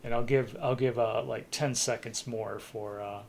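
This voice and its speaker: Gravelly and darkish, his mid-range voice holds a steady tone at a moderate pace, with slight background noise. He's a streamer hosting a talk segment, chatting casually and a bit tired, rambling with chuckles and frequent mid-thought restarts.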